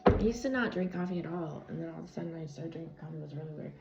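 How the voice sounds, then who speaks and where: A woman with a low, gravelly voice rattles through a casual spiritual tarot reading at a very fast clip, with heavy background noise. She rambles, goes off on tangents, and uses many fillers. The phone recording is echoey and dull, lo-fi, with faint music.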